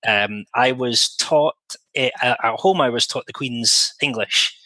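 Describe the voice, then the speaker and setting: A man's voice: mid-range voice, measured pace, pushed and bright, dry recording, poor audio. A man with a West of Scotland accent, a podcast co-host and interpreter, talking things through in a reflective way and telling anecdotes with wry asides. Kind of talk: casual podcast chat.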